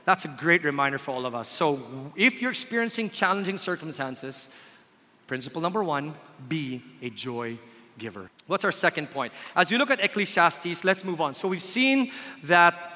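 A man's voice: fairly high pitch, lively intonation, normal speed, sharp tone. A man preaching a sermon, telling a family story with emphasis. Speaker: pastor. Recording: long reverb of a hall.

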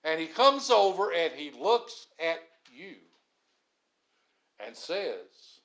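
A man preaching a sermon in an animated way, acting out the grumbling crowd now and then. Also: fairly high pitch, slow pace, roomy sound, low-quality recording. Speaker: pastor.

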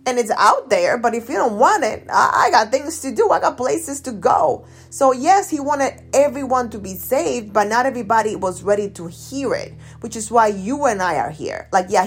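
A woman coach talking casually on her podcast, emphatic and lively, repeating her key phrases for effect. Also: a little high, normal speed, vocal fry, few pauses, husky. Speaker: business coach. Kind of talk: casual solo podcast talk.

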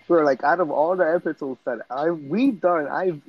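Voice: medium pitch, normal speed, no room sound, dull audio. A podcast co-host who edits the show, laid-back in casual banter.

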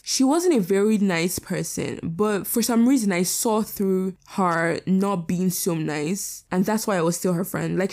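A woman's voice: medium pitch, darkish tone. A teenage girl giving blunt, sassy advice in a casual vlog, swearing freely. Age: teens. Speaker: vlogger.

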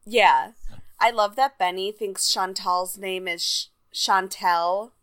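Young woman briskly recapping a show. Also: mid-range voice, fairly even intonation, fairly bright tone. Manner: brisk, summarizing episode beats. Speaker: podcast co-host. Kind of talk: casual recap chat.

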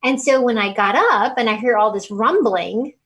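A woman being interviewed, telling a personal story in a halting, emotional way with many fillers and restarts. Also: fairly high pitch, fairly bright tone, slightly rough, rough recording. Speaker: interview guest.

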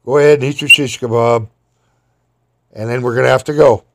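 A man's voice: medium pitch, fairly even intonation, fairly quick, a bit bright, a little hiss or hum, natural voice. Man doing a firm, patient sheriff. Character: older tall male sheriff, patient but firm.

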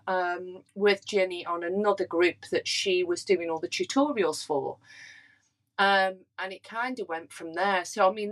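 A woman podcast guest chatting in a hesitant, self-deprecating way with many pauses. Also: medium pitch, fairly bright tone, poor audio. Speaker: guest, hobby cake decorator. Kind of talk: casual chat.

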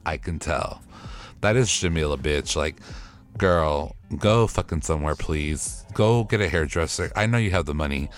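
A man with a very deep, low voice rants through a solo podcast recap, sassy, profane and fed up. Faint music plays quietly behind him. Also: moderate pace. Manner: profane, sassy, exasperated ranting. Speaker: podcast host recapping a TV show. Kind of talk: casual solo recap rant.

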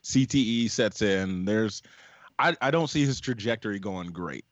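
A man's voice: fairly low pitch, expressive, normal speed, no room sound, muffled recording. A man co-hosting a podcast in casual sports chat, opinionated and arguing his points at length. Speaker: podcast co-host.

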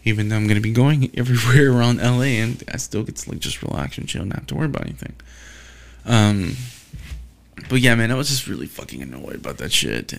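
Gravelly-voiced guy, mid pitch, loose profane solo rant with lots of restarts. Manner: profane, exasperated ranting with frequent restarts. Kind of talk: casual rambling monologue.

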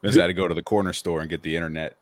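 Male co-host, very low voice, dry close sound, playful ribbing. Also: a little mellow, no room sound. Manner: joking, teasing. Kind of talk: casual chat. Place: indoors in front of a green screen.

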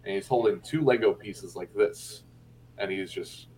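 A young guy from Indiana, USA, is a guest on a podcast, telling a personal story in a casual, conversational way. His voice sits on the low side, a bit slow and a bit mellow. He's candid and blunt, and he swears freely.

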